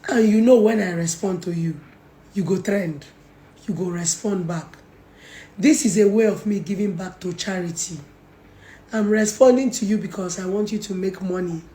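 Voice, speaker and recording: Nigerian woman, young, mocking and scolding, mellow tone, roomy echo. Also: mid-range voice, normal speed. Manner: mocking, scolding, Pidgin-heavy. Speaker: social media personality. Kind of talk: confrontational call-out video.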